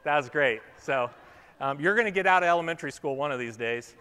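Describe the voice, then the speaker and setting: A man's voice: fairly high pitch, expressive, fast talker, sharp tone, clear, resonant tone. Man preaching in a reverberant hall. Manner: chatty, playful with kids, then reflective. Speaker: pastor. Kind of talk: sermon with children's object lesson. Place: church sanctuary stage.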